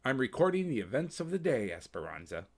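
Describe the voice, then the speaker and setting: Man as a worn-out old official, dry, calm, mumbling, a bit quieter and slower than the reading. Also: mid-range voice. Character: weary, cranky old male custodian, dry wit.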